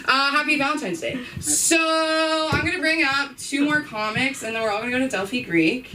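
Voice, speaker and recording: A woman's voice: high-pitched, moderate pace, background noise. A woman hosting a comedy open mic, introducing the next comics in a casual, chatty way. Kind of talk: emceeing a comedy show. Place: comedy club.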